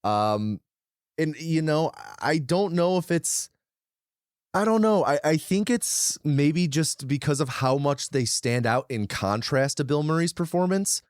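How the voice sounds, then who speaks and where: A man's voice: a little high, animated, measured pace, clear, resonant tone, dry recording, clean studio sound. A man co-hosting a film podcast, chatting loosely with lots of restarts and hedges. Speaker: podcast co-host. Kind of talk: casual film discussion.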